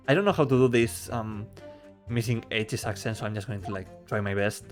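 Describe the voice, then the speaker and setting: A man's voice: on the low side, a little fast, faint music behind. A man streaming a game, chatting casually with self-deprecating asides between readings. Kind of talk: casual let's-play commentary.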